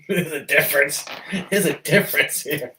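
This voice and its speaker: A man co-hosting a casual late-night chat, telling stories in an animated, laughing, profane way. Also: a little high, measured pace, distant mic, slight background noise, rough recording. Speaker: co-host.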